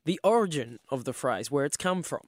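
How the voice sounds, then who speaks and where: Man, radio co-host, casual banter, measured delivery, slightly high voice, dry close sound. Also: lively intonation, no echo. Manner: measured, with light laughs. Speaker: radio co-host running a quiz.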